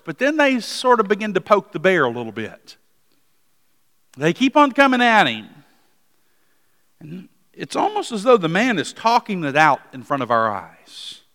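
Male pastor, high voice, dramatic sermon delivery from hush to emphasis, long hall reverb. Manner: dramatic, swings from hushed to emphatic. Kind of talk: sermon reading scripture.

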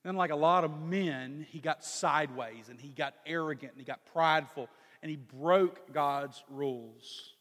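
A male pastor preaching in a church sanctuary, his fairly high voice carried by a long hall reverb. He reads scripture and then explains it earnestly. He slows down and grows louder when he stresses a point. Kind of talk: sermon with scripture reading.

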